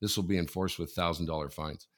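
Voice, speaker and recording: Low-voiced and quick, a Canadian man co-hosts a laid-back talk show. His stories come out animated and packed with laughter as he chuckles through each one.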